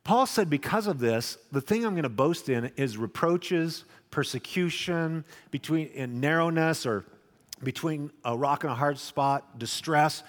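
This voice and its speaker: A middle-aged man preaching a sermon to a congregation, swinging between loud animated questions and quiet confessional lines. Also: on the high side, moderate pace, in a large hall. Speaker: pastor. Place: church hall with congregation.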